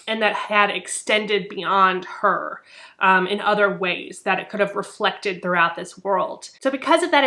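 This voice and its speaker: Young adult woman, bright voice, chatty, animated, casual book vlog, lots of fillers. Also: medium pitch. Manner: chatty, animated, frequent "like" and "really". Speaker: book reviewer.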